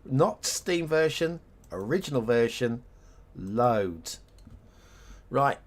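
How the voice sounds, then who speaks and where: A man's voice: medium pitch, lively intonation, takes it slowly, gravelly, long pauses, a little hiss or hum. A middle-aged man chatting casually on a live stream, rambling and self-mocking as he laughs at his own jokes.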